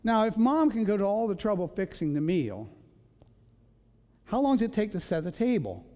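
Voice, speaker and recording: A man's voice: high-pitched, very animated, moderate pace, dark tone. A man preaching a sermon in a church, telling stories and acting out voices with self-mocking humor. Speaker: pastor. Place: church sanctuary. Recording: long reverb of a large hall.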